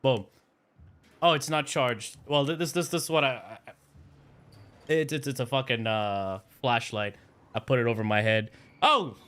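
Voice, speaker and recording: A man's voice: medium pitch, moderate pace, pauses often, a bit bright, clean tone. A young man live-streaming a video game from a home setup, joking with chat, rambling, swearing freely and stumbling over words.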